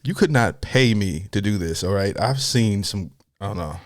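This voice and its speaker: A man's voice: on the low side, expressive, normal speed, dry recording, studio quality. A man hosting a reaction video, chatting casually and thinking aloud, amused by what he watches. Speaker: reaction channel host.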